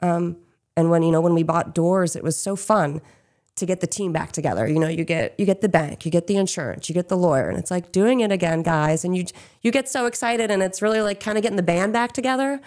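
A woman's voice: lowish voice, quick pace, a little mellow. A woman from Pennsylvania who owns a small business, answering interview questions in a chatty, casual way with frequent "um" and "you know". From Chester County, Pennsylvania.

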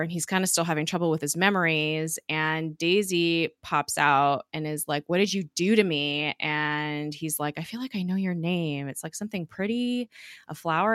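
A woman with a low voice talks through a TV episode in loose, chatty recap, peppering her speech with fillers and laughter. The sound is dry and close, with no room around it. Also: fairly bright tone, smooth, no echo. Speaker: podcast co-host. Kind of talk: casual recap chat.

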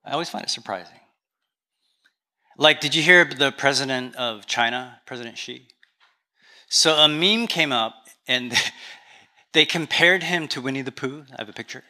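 Man, pastor, Canadian accent, chatty humorous sermon, very bright tone. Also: medium pitch, normal speed, pauses often. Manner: conversational storytelling with humor.

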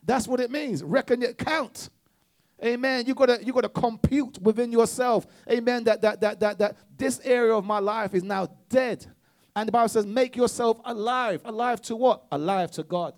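A man's voice: very high-pitched, steady tone, fairly quick, a little mellow. A man preaching a sermon with call-and-response exhortations, often restarting his words in repetitive bursts.

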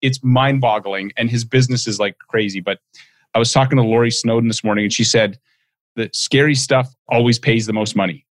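A man's voice: mid-range voice, steady tone, a little fast, no echo. A man hosting a casual podcast, chatty and telling anecdotes with quoted dialogue. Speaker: podcast host.

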